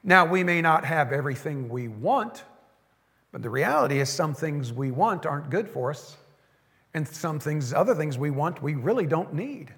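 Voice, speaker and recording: High-voiced man preaching in a reverberant hall. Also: lively intonation, a bit bright. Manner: emphatic preaching, slowing down to stress scripture lines. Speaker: pastor. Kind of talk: sermon.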